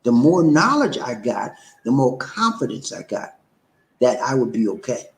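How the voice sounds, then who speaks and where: A man hosts a casual livestream in an echoey room. His pitch sits in the middle, and he talks loosely to his viewers. When he gets worked up, his voice leaps high and animated. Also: normal speed. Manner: animated, swings up high when excited, says "man" and "okay?". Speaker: livestream host.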